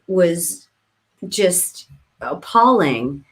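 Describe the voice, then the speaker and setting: A woman recalling events as a guest on a livestream, speaking haltingly with many restarts. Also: mid-range voice, lively intonation. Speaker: guest volunteer. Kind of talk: casual recollection on a livestream.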